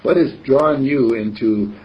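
A man's voice: mid-range voice, measured pace. A man leading a group meeting who talks in a casual, teasing way and laughs often. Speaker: meeting leader. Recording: slightly dull with faint noise.

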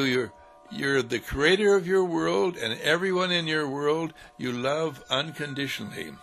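A man's voice: a little high, gravelly, bright, forceful tone. A man giving an inspirational sermon with a repetitive, sing-song cadence, chuckling between phrases. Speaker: spiritual speaker. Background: faint music.

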